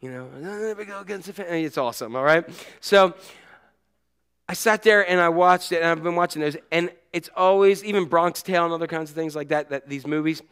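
Man, middle-aged, pastor, sermon, high voice, smooth resonant tone, animated storytelling. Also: fairly quick. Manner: animated storytelling, shouting out quoted cries.

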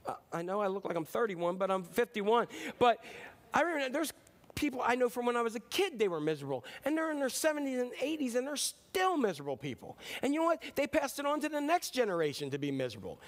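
High-voiced man in his fifties preaching. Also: big pitch swings. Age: 50s. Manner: conversational, jokey, acts out quick impressions. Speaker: pastor. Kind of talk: sermon.

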